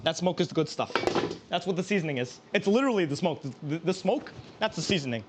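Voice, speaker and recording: High-voiced man chatting while he cooks. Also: expressive, fast, very noisy. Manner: rambling, self-mocking, laughs often. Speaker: cooking streamer. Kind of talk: casual live-stream chat while cooking.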